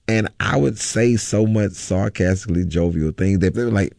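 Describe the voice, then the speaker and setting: A male comedian, a guest on an interview show, telling stories in an animated, sarcastic way. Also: on the low side, normal speed, gravelly, few pauses, no room sound, clean studio sound. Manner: animated, sarcastic, laughing storytelling. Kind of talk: storytelling interview.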